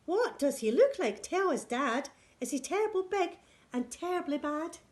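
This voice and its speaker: A woman voicing a young female gruffalo who is curious and brave, in an excited storybook voice. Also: a little high, a little slow.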